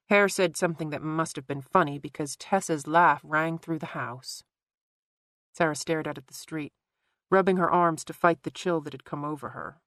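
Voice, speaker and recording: A woman narrating a thriller audiobook in a measured, even storytelling manner. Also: low-pitched, no room sound. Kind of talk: scripted narration.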